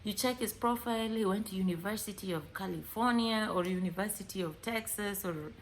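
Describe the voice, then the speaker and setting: Woman, Kenyan accent, casual vlog talk, animated, mid-pitched voice, faint background hiss. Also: brisk. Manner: animated, acts out both sides of chats, mixes in Swahili words. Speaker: vlogger. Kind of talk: casual monologue to camera.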